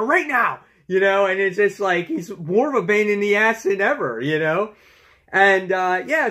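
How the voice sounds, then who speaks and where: A man's voice: on the high side, fairly bright tone. A man hosting his own comic book review channel, talking in an enthusiastic, chatty way full of fillers. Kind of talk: casual review vlog.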